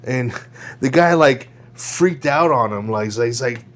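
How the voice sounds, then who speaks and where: A podcast host from Houston, Texas rambles through a story on a casual show, restarting and correcting himself and laughing often. His voice is mid-range, at a normal speed.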